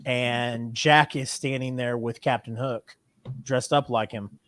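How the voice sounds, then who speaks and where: A man co-hosting a casual podcast, telling stories with lively delivery. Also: medium pitch, slow pace. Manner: animated storyteller acting out movie scenes. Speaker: podcast co-host. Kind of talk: casual chat.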